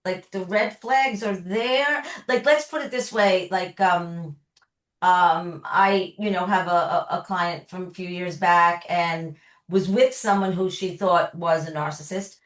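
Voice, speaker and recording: A woman's voice: fairly low pitch, unhurried. A woman therapist answering questions, explaining with everyday examples in a conversational way. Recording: echoey room sound.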